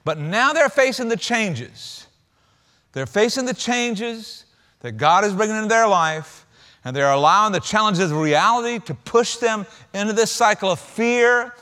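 A man preaching a sermon in a conversational style, swinging from loud emphatic lines to quiet low asides and acting out quoted lines sarcastically. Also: expressive, a little slow. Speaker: pastor.

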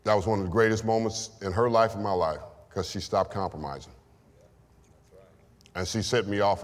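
A man's voice: low voice, fairly quick. A man preaching a sermon and giving testimony, with call-and-response lines to the congregation. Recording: long hall reverb.

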